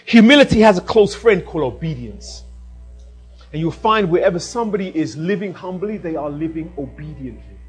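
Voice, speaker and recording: A man preaching a sermon in an animated way, swinging from loud emphasis down to a quiet hush. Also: fairly high pitch, fairly quick, breathy edge, faint music behind, poor audio.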